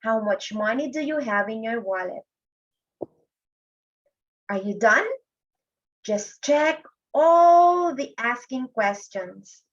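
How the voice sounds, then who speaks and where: Slow, patient grade one teacher woman. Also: on the high side, lively intonation. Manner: patient, drawn-out, addresses kids often. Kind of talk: slow classroom lesson for children. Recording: dull lo-fi recording.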